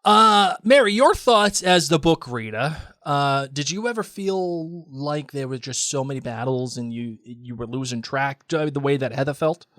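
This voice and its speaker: A man's voice: on the high side, animated, moderate pace, few pauses, fairly bright tone, dry recording, clean studio sound. A man in his thirties co-hosting a podcast, joking and reading listener letters aloud. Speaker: podcast co-host. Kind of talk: casual chat.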